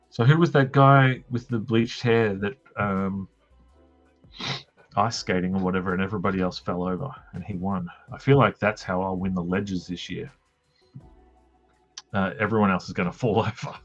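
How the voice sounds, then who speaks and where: An Australian man hosting a drawing livestream, chatting casually in a joking, meandering way with lots of ums and tangents. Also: low-pitched. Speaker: livestream host drawing comics. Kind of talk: casual rambling chat while drawing. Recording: dull lo-fi livestream audio.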